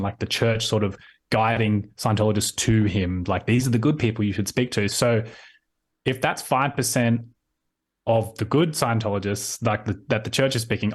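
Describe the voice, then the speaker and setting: A man with an Australian accent, a guest in a casual interview, talking in a rambling way with lots of restarts, heard over a video call. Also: on the low side.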